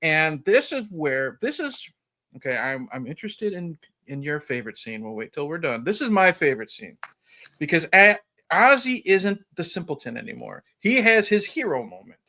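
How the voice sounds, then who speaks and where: Bright-voiced man, casual podcast host. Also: a little high, sing-song, normal speed. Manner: rambling, chuckling retelling with frequent "you know". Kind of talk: casual chat recapping a film.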